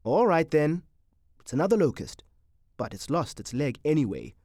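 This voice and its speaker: A man's voice: a little high, very animated, normal speed, warm tone, no echo, clean studio sound. A reader voicing a wry, good-humored husband who teases his wife, with a raised, emphatic delivery. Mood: teasing.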